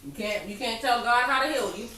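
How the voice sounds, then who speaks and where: A woman's voice: a little high, brisk, bright, forceful tone. A woman hosting her channel in casual chat, laid-back and frank, swearing freely. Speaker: channel host. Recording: echoey room, distant mic, faint noise.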